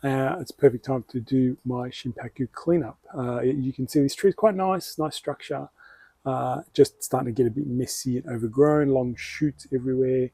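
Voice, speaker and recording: A man's voice: mid-range voice, moderate pace, creaky, warm tone, breathy edge, dry recording. A man with an Australian accent hosting his own bonsai channel, explaining tree care in a casual, rambling way that often corrects itself. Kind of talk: casual hands-on tutorial.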